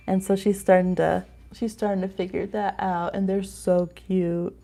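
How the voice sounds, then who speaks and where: A woman's voice: mid-range voice, flat delivery, moderate pace, gravelly, dark tone. A woman hosting a live astrology reading stream, chatting casually and rambling with frequent laughter.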